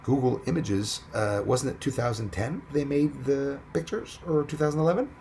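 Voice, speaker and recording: A man's voice: medium pitch, normal speed, vocal fry, a little mellow, a little hiss or hum. A man hosting a casual livestream, rambling and greeting viewers as he reads their comments aloud. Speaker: livestream host.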